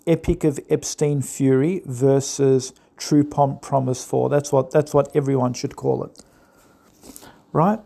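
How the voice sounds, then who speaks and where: A man's voice: medium pitch, fairly even intonation, a little slow, creaky, warm tone. A man delivering a sarcastic, mocking political commentary monologue, often mimicking the people he criticizes. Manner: sarcastic and mocking, mimics opponents in put-on voices.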